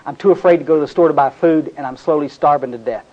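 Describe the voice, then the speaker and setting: A man's voice: on the high side, fast. A man from North Texas, giving an earnest, confessional talk at a recovery meeting. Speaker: speaker sharing his recovery story. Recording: dull, lo-fi recording.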